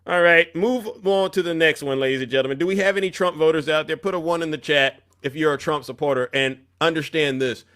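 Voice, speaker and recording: A man's voice: a little high, fairly quick, hardly any pauses, fairly bright tone. A man hosting a live stream with a confrontational, preachy manner, calling out viewers in chat. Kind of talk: heated political live stream rant.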